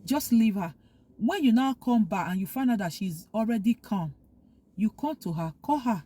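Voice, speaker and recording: A woman's voice: medium pitch, lively intonation, moderate pace, mellow, husky. A woman vlogger talking earnestly, giving heartfelt advice and repeating her points for emphasis. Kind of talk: casual opinion monologue.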